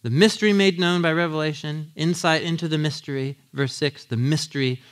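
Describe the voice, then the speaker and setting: A man in his thirties preaching a casual, animated sermon, acting out quotes in lively voices and laughing often. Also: a little high, brisk. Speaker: pastor teaching a Bible series.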